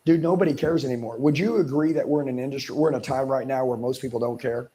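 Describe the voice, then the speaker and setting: Male sales coach, dark husky voice, hard-driving and emphatic. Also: medium pitch, fast, few pauses. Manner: intense, emphatic, blunt coaching. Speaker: sales trainer. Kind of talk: live sales coaching seminar.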